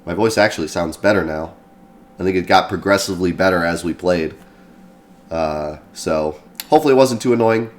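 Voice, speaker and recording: Deep-voiced sick man commenting on gameplay. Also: a little fast. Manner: excitable, yells at the game. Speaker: gameplay streamer. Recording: faint game music behind.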